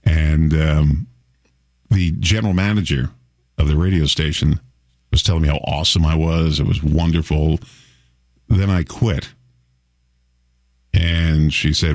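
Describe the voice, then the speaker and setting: A man's voice: rumbling low, animated, moderate pace, darkish tone, dry recording, clean studio sound. A middle-aged man hosting a radio show, talking in a chatty, wry way and chuckling often. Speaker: radio host. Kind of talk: casual radio talk.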